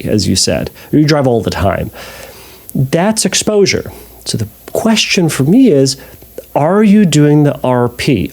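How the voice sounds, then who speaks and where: A man's voice: medium pitch, darkish tone. Man therapist answering a listener. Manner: conversational, restarts and sarcastic asides. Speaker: podcast host and ERP therapist.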